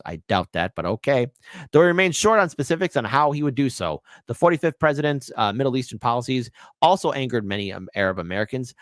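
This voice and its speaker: A man at a close, dry mic reads political news in a middling voice, then cuts in with scornful, sarcastic rants. His tone swings from flat reading to loud, mocking outbursts aimed at his targets. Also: medium pitch, no room sound. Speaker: political commentary host. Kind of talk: reading news with angry commentary.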